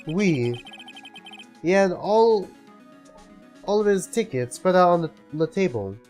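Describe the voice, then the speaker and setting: A man's voice: sits high, animated, slow pace, a little mellow, soft background music, pitched above the performer's own voice. A man voicing a vain, flamboyant man with a put-on French accent, theatrical and sing-song, dropping French words. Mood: nervous.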